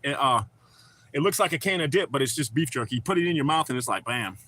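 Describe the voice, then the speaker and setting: A man's voice: medium pitch, lively intonation, fast, bright, forceful tone. Profane, chatty man streaming. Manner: loose and profane, chatting with viewers. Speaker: live streamer. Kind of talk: casual live-stream chat.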